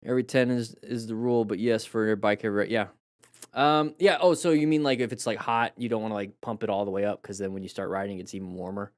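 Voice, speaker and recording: A fast-talking man with a lowish, fairly even voice chats loosely over motorcycle crash clips on a live stream, full of fillers and restarted sentences. He coaches viewers with praise and jokes aimed at the chat. There's no room sound, and the quality is studio-grade.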